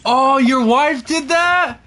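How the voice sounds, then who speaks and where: A man's voice: very high-pitched, slow pace. A man chatting casually as a podcast guest, laid-back and slangy, often saying dude and bro. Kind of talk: casual chat. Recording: noisy background.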